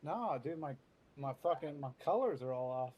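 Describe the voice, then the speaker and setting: A man's voice: a little high, animated, moderate pace, lo-fi sound. A man co-hosting a gaming stream, joking around and swearing while he plays. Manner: joking, swears, distracted by the game. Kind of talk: casual gaming stream chat. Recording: loud background noise.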